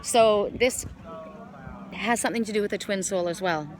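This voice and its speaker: A woman's voice: mid-range voice, moderate pace, a little hiss or hum. A woman giving a casual oracle card reading outdoors by the water, talking in a rambling way with many restarts. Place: outdoors by water in a wooded glen.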